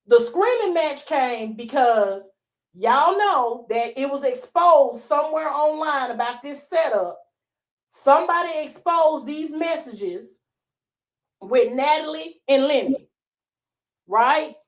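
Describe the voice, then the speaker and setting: A woman co-hosting a casual gossip commentary show, opinionated and full of rhetorical questions. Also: high voice. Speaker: co-host.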